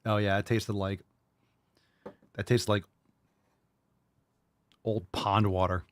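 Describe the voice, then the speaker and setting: With little pitch movement and a slow pace, a man with a lowish voice hosts a live podcast. He rants profanely and bluntly, putting on voices to mock the excuses his listeners make.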